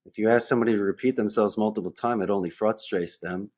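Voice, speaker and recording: A man's voice: on the low side, fast, a little mellow. A man as a podcast guest who runs a call center, talking in a conversational interview and acting out phone calls in different voices.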